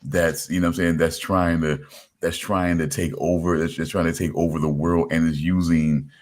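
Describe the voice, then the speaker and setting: Low-voiced guy rambling on a podcast, keeps saying you know what i'm saying. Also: flat delivery, normal speed, darkish tone. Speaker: podcast host. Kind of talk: casual chat.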